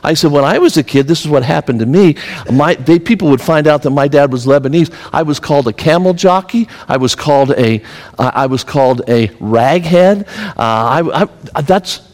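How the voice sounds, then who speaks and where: A man's voice: a little high, moderate pace, a little mellow. A man preaching a sermon as pastor, telling stories and rising to emphatic exhortation. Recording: long hall reverb.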